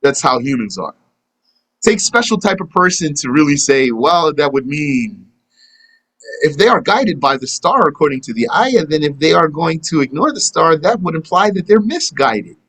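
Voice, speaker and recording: A man's voice: a little high, very animated, normal speed, fairly bright tone, breathy edge, poor audio. A man teaching a live religious lesson and answering questions, talking conversationally and acting out imagined back-and-forth dialogues. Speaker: Islamic teacher.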